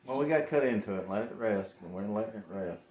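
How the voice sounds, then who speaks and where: A blunt man with a lowish voice talks casually in his kitchen, swearing freely and mocking himself. His pitch swings widely. The sound has a roomy echo. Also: animated, fast talker, a little mellow, faint music behind. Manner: blunt, profane, self-mocking. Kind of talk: casual home cooking chat.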